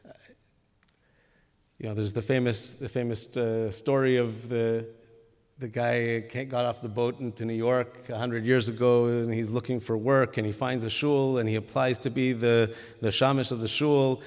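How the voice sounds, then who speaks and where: A man's voice: mid-range voice, flat delivery, moderate pace, a little mellow. A man giving a religious lesson, speaking earnestly and emphatically with frequent restarts. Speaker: religious teacher. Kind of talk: Torah lesson with stories. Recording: long hall reverb.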